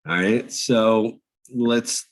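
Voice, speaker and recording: A man teaching a cooking class over a video call, talking slowly with many fillers and restarts. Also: on the low side, poor audio. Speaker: cooking instructor.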